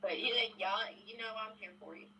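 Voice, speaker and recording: Bright supportive woman. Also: medium pitch, gravelly, a little hiss or hum, rough recording. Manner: supportive, halting. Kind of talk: casual chat.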